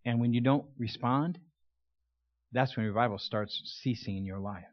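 An older man, a guest preacher, gives a conversational sermon in a church sanctuary, telling stories laced with folksy humor. His voice sits at a medium pitch and moves at a moderate pace. The recording is dry and lo-fi with a dull sound and no echo.

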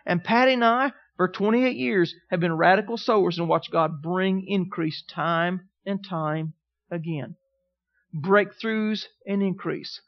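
High-voiced storytelling preacher man. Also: measured pace. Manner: storytelling preacher, calls out "Amen?" to the congregation. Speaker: pastor. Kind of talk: sermon. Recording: dull lo-fi sermon recording.

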